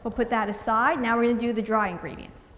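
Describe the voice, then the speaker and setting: A woman's voice: fairly high pitch, fairly even intonation, fast, in a large hall, noisy background. A woman from New Jersey, chatty and upbeat, talking through a recipe in a casual cooking vlog. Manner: chatty and upbeat, laughs easily.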